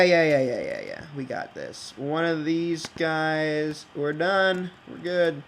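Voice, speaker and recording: A man thinking out loud while building in a block game, rambling and hesitant, with many fillers and restarts. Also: fairly high pitch, a little hiss or hum, poor audio. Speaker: game video creator. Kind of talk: casual think-aloud game commentary.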